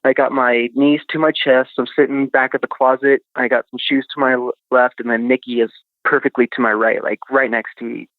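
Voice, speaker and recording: A man's voice: mid-range voice, little pitch movement, a little fast, no room sound. A man recounting a childhood experience as a podcast guest, rambling with lots of fillers over a tinny phone line. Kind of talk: casual storytelling.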